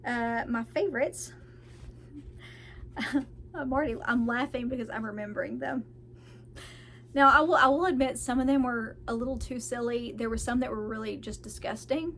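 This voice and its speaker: Chatty woman book reviewer, giggly and gushing, voice sitting a bit high. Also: moderate pace, long pauses, a bit bright, slight background noise. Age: adult parent of children. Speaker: book vlogger. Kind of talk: casual book review chat.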